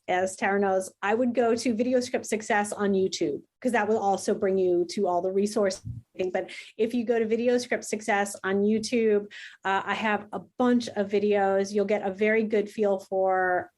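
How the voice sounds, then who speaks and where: A woman from New Jersey speaks as an interview guest in an animated, enthusiastic way, her voice sitting at an ordinary mid pitch. She talks over a remote call microphone. Her pace keeps changing as she rushes ahead and then slows down. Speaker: guest, video coach. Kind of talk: casual interview chat.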